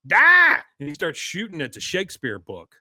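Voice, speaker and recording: A man's voice: fairly high pitch, big pitch swings, brisk, bright, forceful tone, no room sound, clean studio sound. A man co-hosting a podcast, casually recapping an episode and acting out the characters' lines in raised voices. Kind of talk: casual chat, retelling scenes.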